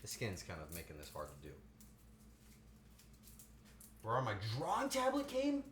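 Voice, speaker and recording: A man's voice: medium pitch, wildly swooping pitch, measured pace. A man cooking on a live stream, chatting playfully and answering his chat as he goes. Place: home kitchen. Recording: roomy kitchen with faint noise.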